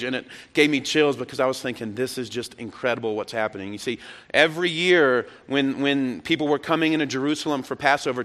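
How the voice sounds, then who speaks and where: A man preaching to his congregation, dropping to a hush and then rising to loud, shouted retellings. His mid-range voice rings out in a church sanctuary with a long, trailing reverb. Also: mid-range voice. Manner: dramatic swings between hushed and shouted retellings. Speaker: pastor. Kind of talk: sermon.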